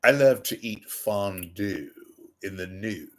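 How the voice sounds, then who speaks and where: A man's voice: lowish voice, animated, slow. A man putting on a silly posh British accent to spout nonsense. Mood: mock-posh. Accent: British (put on).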